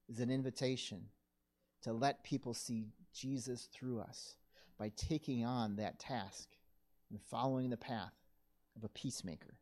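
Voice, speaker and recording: A man preaching a sermon to his church, with a voice of middling pitch. He speaks earnestly and at a measured pace, now and then stopping to correct himself. His delivery stays sincere and steady. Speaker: pastor.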